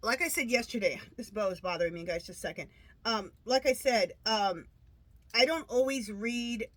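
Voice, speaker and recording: A woman's voice: fairly high pitch, moderate pace, a bit bright. A woman tarot reader talking casually to her viewers, chatty and rambling with many restarts, her nose stuffed up from allergies. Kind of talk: casual monologue to camera.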